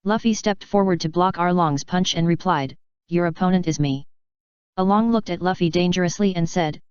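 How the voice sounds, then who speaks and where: A woman reading a fanfiction audiobook aloud in an even, unacted narration, voicing every character the same way. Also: on the low side, moderate pace, clear, resonant tone, dry recording. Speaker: audiobook reader. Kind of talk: flat scripted narration. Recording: dull, lo-fi dry sound.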